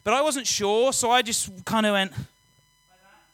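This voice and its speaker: A young man giving a lively, joking personal testimony talk to students, often quizzing the audience. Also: very high voice, measured pace. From England. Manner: energetic, jokey, audience-engaging. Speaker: youth speaker.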